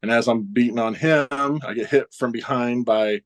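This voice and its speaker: A man's voice: medium pitch, moderate pace. Wrestler guest, 40s, male, middle voice; loose anecdotal storyteller who chuckles and mimics others. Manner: animated anecdotes, chuckling often, acts out others' lines. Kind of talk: casual storytelling interview.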